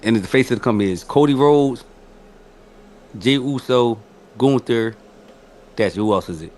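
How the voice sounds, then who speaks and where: A young man co-hosts a casual wrestling podcast in a fairly low voice. He argues his case stubbornly, repeats himself and trails off mid-thought. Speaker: podcast co-host.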